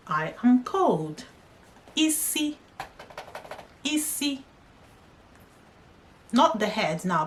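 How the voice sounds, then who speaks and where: Slow, high-voiced woman teaching. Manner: repeats words and asks "okay?". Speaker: Igbo language teacher. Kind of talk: slow vocabulary lesson.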